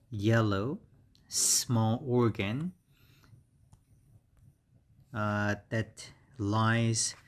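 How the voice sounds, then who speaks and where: A man with a Korean accent teaching English vocabulary, repeating each word slowly and carefully with frequent pauses and fillers. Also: fairly low pitch. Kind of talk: slow vocabulary lesson.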